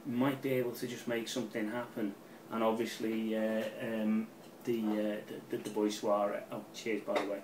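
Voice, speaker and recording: Scouse fan-channel pundit, middle-aged, excitable and sweary, a bit distant with faint background hum. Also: male voice, lowish voice, moderate pace, hardly any pauses. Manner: rambling, excitable, swears freely. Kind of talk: casual match preview. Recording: roomy, off-mic with faint ambience.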